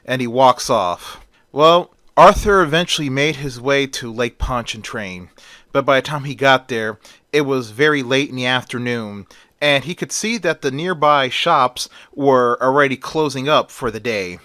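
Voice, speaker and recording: A man's voice: mid-range voice, a little slow, sharp tone, no echo, studio quality. A man retelling a story in a plain casual way, with small slips and fillers.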